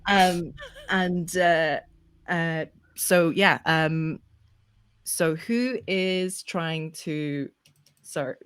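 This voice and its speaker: Low-voiced woman game master. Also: drawn-out words, fairly bright tone, clean tone. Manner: many ums and uhs, friendly. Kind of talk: narrating a tabletop game. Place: home, streaming online.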